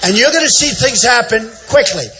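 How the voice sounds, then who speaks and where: A man in his sixties, a political candidate giving an off-the-cuff campaign rally speech in a large indoor event center. He repeats himself, boasts, and often shouts out to the crowd. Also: very high-pitched, animated, moderate pace, background noise. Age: 60s.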